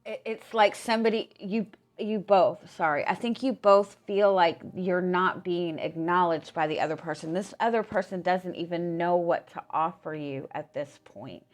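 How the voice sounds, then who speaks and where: A hoarse woman, losing her voice, giving a casual tarot reading in a halting way, restarting her words and filling with "like". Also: lowish voice. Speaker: tarot reader.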